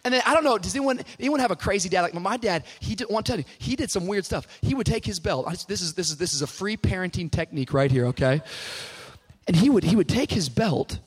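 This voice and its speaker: A young man with a high, light voice preaches to a live church audience. He starts with loose, funny storytelling and rises into fervent preaching, his lines at times half sung. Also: animated, fast, breathy edge, in a large hall. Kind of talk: sermon.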